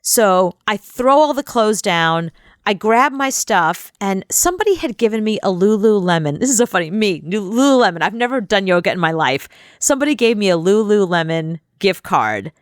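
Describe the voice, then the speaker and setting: A young adult woman co-hosting a radio show, telling a rambling, animated anecdote in casual chat. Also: mid-range voice, moderate pace, no echo, studio quality. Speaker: radio co-host.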